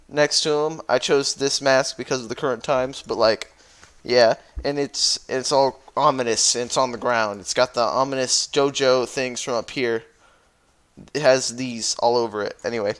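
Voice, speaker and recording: A man's voice: mid-range voice, fairly even intonation, measured pace, fairly bright tone, clear, resonant tone. A man who jokingly recaps a story as a YouTuber, rambling and correcting himself as he goes. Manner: rambling, playful, self-correcting.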